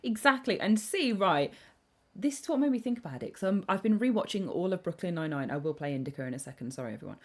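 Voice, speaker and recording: A young woman streaming live, chatting casually and excitably on tangents while reading chat aloud. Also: lowish voice. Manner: excitable, rambling, quick tangents. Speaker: game streamer.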